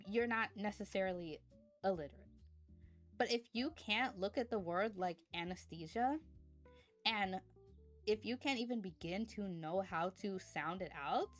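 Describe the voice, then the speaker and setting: Woman streamer just chatting, rambly and chatty, average pitch, faint music in the back. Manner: rambling, chatty, thanks chat viewers. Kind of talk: casual chat stream.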